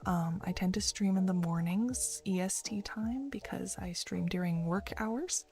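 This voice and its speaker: A woman streaming in a hushed, half-whispered morning voice, reading an academic paper aloud in a soft ASMR style and chatting casually in between. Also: on the low side, measured pace. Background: faint background music.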